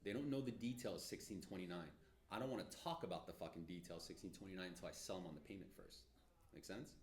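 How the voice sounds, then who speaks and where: A man coaching salespeople in a casual, blunt and energetic way, swearing often. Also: deep voice, fast. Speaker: sales trainer.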